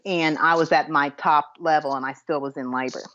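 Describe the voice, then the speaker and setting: Woman, low voice, dull lo-fi recording, chatty storytelling co-host. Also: fairly quick. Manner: animated, laughing anecdote teller. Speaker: podcast co-host. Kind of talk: casual chat, storytelling. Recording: dull lo-fi sound.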